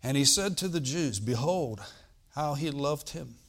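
A man preaching a sermon, reading scripture aloud and explaining it, swinging from loud bursts to quiet asides. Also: on the high side, measured pace. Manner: animated preaching, bursts loud on quoted lines then drops quiet; reads old-style scripture, asides with "all right?".

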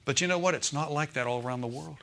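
A man's voice: a little high, fast talker, gravelly, pushed and bright. A man preaching a sermon to his congregation, emphatic and repeating key phrases, asking the room if they follow. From United States. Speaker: pastor. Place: church sanctuary with congregation.

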